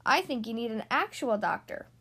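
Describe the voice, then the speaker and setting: A woman's voice: fairly high pitch, lively intonation, normal speed, fairly bright tone, slightly rough, voice pushed down, exaggerated voice. A woman voicing a take-charge toy hippo nurse, matter-of-fact, in a storybook reading. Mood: concerned.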